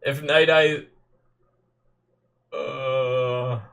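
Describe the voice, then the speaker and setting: A man reacting aloud to an anime episode, exclaiming and thinking out loud, getting teary and emotional. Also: mid-range voice, fairly even intonation, very slow, gravelly. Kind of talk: live reaction commentary.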